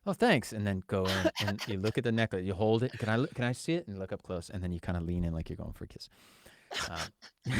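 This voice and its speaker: A man's voice: deep voice, fast. A man co-hosting a podcast, telling a story in casual chat and acting out the quoted lines. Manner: animated storyteller, acts out quotes. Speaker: podcast co-host.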